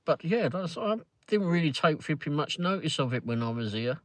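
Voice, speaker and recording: A man's voice: a little high, animated, moderate pace, no room sound. A man with a London accent chatting casually from a car during a live ride-along, rambling with lots of fillers and swearing freely. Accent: London English. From England. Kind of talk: casual chat.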